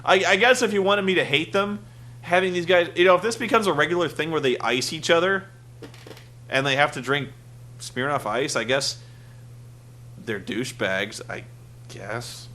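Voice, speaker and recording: A man's voice: on the high side, normal speed, pauses often, sharp tone, a little hiss or hum. A young man hosting a casual wrestling review podcast, sarcastic and rambling, acting out the quotes he recounts.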